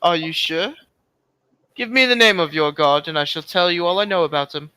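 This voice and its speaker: A man's voice: on the high side, moderate pace, bright, forceful tone, smooth, no echo, low-quality recording. A man voicing a pious male cleric adventurer who bargains with theatrical, indignant piety. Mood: challenging.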